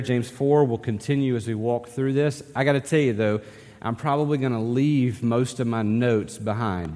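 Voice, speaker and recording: A man preaching a sermon as pastor, halting and emotional, with frequent restarts. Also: mid-range voice, long reverb tail. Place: church sanctuary.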